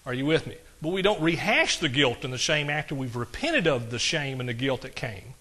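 A man's voice: medium pitch, animated, fairly quick, pushed and bright, husky. A man preaching a sermon, folksy and conversational, with asides to his congregation. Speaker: pastor.

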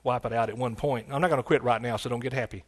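Here a fast-talking pastor with a medium pitch and steady tone addresses his congregation in a church sanctuary. His sermon moves from folksy, conversational talk to emphatic stretches quoting scripture.

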